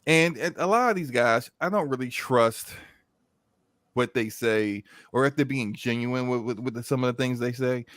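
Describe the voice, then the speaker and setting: A man's voice: mid-range voice, normal speed, a bit bright, no room sound. Rambling male podcast guest, dry sound. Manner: rambling, stammering restarts, acting out skits. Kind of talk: casual podcast chat.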